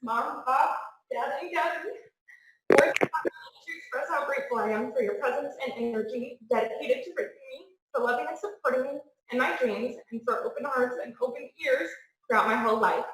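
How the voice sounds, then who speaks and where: A woman's voice: high-pitched, a bit bright. A young woman in her twenties reading a heartfelt graduation tribute to family and partner. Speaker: graduating student. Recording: echoey room.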